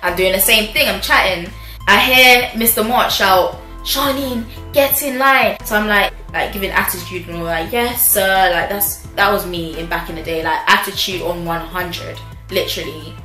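A young woman telling a storytime on her vlog, animated and chatty, laughing often as she talks. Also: on the low side, normal speed. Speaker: vlogger. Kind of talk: casual storytime chat. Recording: roomy echo with faint music.

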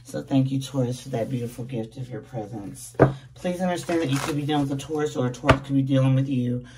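This tarot reader's voice is extremely low, and she talks fast into a distant mic with heavy background noise. Chatting casually to camera in a groggy, just-woken voice, she laughs a lot and calls her viewers babies.

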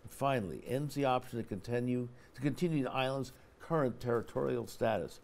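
A man hosting a public-access talk show, speaking haltingly with frequent restarts as he reads from an email and poses a question to his guests. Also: mid-range voice, creaky. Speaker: host.

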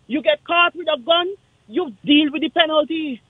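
A man with a Kittitian accent calling in to a radio talk show, speaking in an impassioned, forceful, repetitive way. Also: extremely high pitch, normal speed, no echo. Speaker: caller. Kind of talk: call-in radio rant. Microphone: phone line. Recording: tinny dry phone line.

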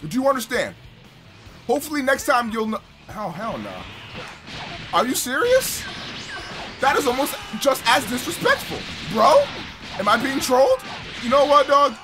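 A young man giving loud, trash-talking commentary over his own online matches, shouting at opponents and explaining his character build. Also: very high-pitched, sing-song, normal speed, long pauses, music in the background. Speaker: gaming YouTuber. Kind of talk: hyped gameplay commentary.

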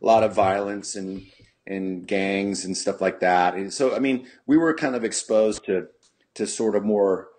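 Husky, low-voiced man telling a story. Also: measured pace, darkish tone. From California. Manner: laid-back, swears freely, many restarts and "you know"s. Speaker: podcast guest, punk musician. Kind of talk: casual storytelling. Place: podcast studio.

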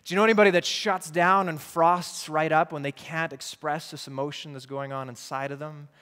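A man's voice: fairly high pitch, steady tone, fairly quick, fairly bright tone, in a large hall. A man preaching a sermon as pastor in a church, earnestly asking the congregation questions. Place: church sanctuary.

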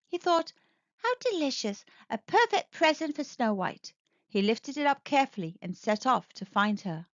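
A woman reads a children's storybook aloud with lively expression and a fairly high voice. The recording is dry and close but slightly dull and lo-fi. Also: no echo. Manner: expressive, animated.

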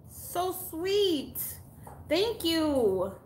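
A woman chats through an unboxing in a bright, fairly high voice, gasping and gushing over each item. She talks slowly and exclaims often, and the room around her sounds echoey. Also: expressive. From Texas. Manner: gushing, exclamatory, chatty, with gasps and laughs. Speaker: YouTuber unboxing mail. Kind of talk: casual live unboxing chat.

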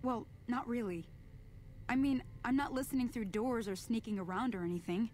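A woman's voice: a little high, moderate pace, darkish tone, slight background noise, lightly acted. An actress playing a nervous, evasive young woman informant in a video game, explaining herself defensively.

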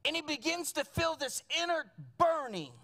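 A preacher with a high voice delivers an impassioned sermon, repeating phrases and restarting sentences as the thoughts pour out. The voice sits above the usual range for a speaker and carries through a church sanctuary with only a small congregation present. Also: lively intonation, moderate pace, bright, forceful tone. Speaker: pastor.

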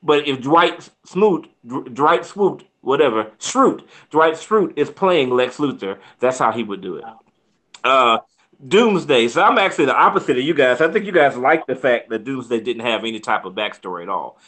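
A man in a loose, chatty review conversation, speaking at an ordinary middle pitch. He rambles through restarts and breaks into laughter often. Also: lively intonation, normal speed, a bit bright. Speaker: co-host reviewing a film. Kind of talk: casual review chat.

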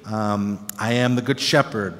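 A man teaching the Bible as a pastor, animated and conversational, often checking in with his listeners. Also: lowish voice, unhurried. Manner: animated, conversational, acts out disciples' reactions with tag questions. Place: church. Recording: long reverb of a church hall.

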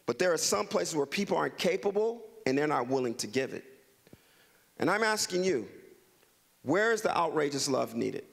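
A man's voice: on the high side, lively intonation, moderate pace, gravelly, fairly bright tone. A middle-aged man from Los Angeles, a guest speaker giving an interactive talk to a community audience, leading them in call-and-response and repeating his prompts.

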